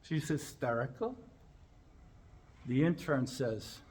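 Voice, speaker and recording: A man, a chiropractor, telling a funny personal story as a speech and acting out the lines with big jumps in pitch and volume. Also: slow, long pauses, a little mellow, slightly rough.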